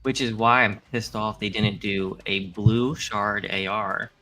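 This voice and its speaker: Male co-host, bright timbre, relaxed casual delivery that trails off. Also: fairly low pitch, measured pace, soft background music. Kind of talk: casual chat.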